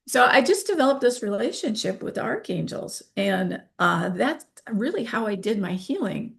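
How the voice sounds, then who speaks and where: Animated woman in her fifties. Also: medium pitch, moderate pace, vocal fry. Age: 50s. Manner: animated, acts out quoted dialogue. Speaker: interview guest. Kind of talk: candid interview talk.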